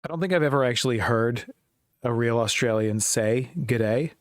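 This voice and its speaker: A man with a mid-range voice speaks at a normal speed in clean studio sound with no echo. Hosting a casual livestream to announce contest winners, he comes across hesitant, self-conscious and nervous, with a dry mouth and lots of ums.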